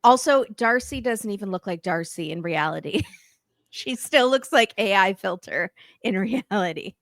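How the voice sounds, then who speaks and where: Woman guest, mid-pitch, dry close mic, quick wry quips. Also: expressive, a bit bright, dry recording. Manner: wry, joking asides. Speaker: podcast guest. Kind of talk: casual chat.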